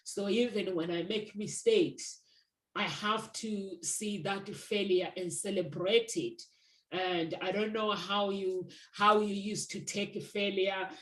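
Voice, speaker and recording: A woman's voice: medium pitch, steady tone, slow, a bit bright, roomy sound, poor audio. A woman who works as a matchmaker, talking earnestly and reflectively in a casual conversation, sharing personal stories.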